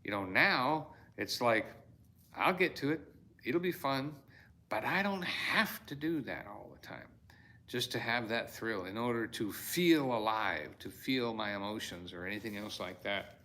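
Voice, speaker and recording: A man's voice: fairly low pitch, animated, a little slow, bright, forceful tone. A male storyteller in a reflective fireside talk, reading his own devotional in an earnest, heartfelt way with sudden exclamations.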